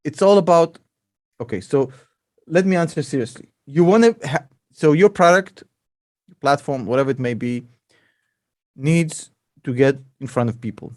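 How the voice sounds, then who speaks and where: A man's voice: fairly high pitch, moderate pace, long pauses, a little mellow, no echo, clean studio sound. A man, an investor and podcast co-host, chatting casually and joking a lot. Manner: laughs a lot, calls people bro.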